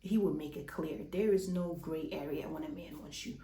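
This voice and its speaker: A woman's voice: low-pitched, normal speed, warm tone, slight background noise. Breathless opinionated woman in echoey room. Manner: chatty and opinionated, with restarts and sighs. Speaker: reality TV recap vlogger. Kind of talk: casual recap commentary.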